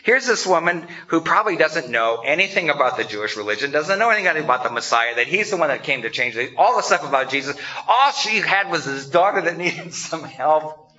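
A man's voice: fairly high pitch, lively intonation, brisk, pushed and bright. A man preaching a conversational sermon, acting out quotes and laughing along as he tells the story. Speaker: pastor. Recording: dull lo-fi sound.

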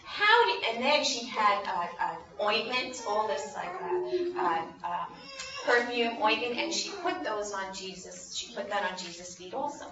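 With a medium-pitched voice and a measured pace, a woman recounts a Bible story for a group of kids, lively and posing questions to them throughout. Her sound is distant, dull and roomy, with noise behind her.

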